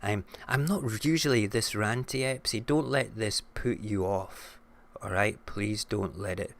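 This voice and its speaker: Ranty low-voiced Scottish man. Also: a little slow, slight background noise. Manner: frank and ranty, swears freely. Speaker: host of a live-streamed morning show. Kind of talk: casual live-stream chat and rant.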